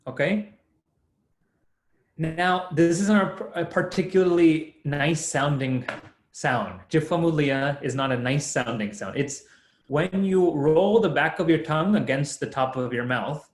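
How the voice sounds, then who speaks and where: A young man leads an online lesson at an unhurried pace, breaking each point into patient steps and laughing easily as he goes. His voice sits a bit high for a man. The sound carries a clear room echo, as if picked up over a video call. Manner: patient, explains step by step, laughs often. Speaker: Sanskrit teacher. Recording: echoey room.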